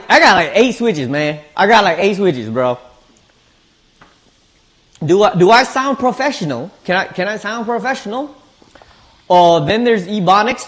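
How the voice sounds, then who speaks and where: A relaxed male streamer chatting while he snacks, his voice sitting a little on the high side. He talks in easygoing slang and often doubles up his words as he goes. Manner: laid-back, slangy, repeats words. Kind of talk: casual chat while eating.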